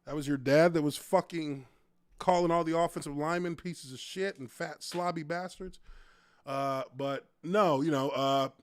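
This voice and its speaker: A man's voice: fairly high pitch, fairly even intonation, normal speed, no echo, studio quality. A man in his thirties, a former offensive lineman, hosting a casual live stream and telling stories with a lot of profanity and laughter.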